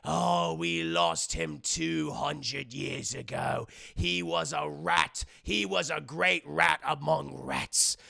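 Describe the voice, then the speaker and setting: Man playing solemn old pirate rat, slow, low, gravelly. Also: animated, sharp tone, no echo, clean studio sound, heavily acted.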